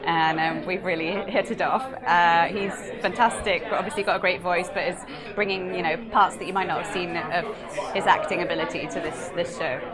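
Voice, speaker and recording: A young British woman with a somewhat low-pitched voice chats about her work in a bubbly, easy manner, laughing often. A crowd murmurs audibly behind her. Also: steady tone, normal speed. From England. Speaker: musical theatre actress, interview guest. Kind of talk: casual interview chat.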